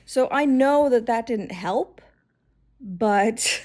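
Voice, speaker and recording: A woman's voice: on the high side, lively intonation, takes it slowly, pauses often, a little mellow. A woman telling a story in a casual vlog, rambling and exasperated with a wry edge and lots of fillers. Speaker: vlogger.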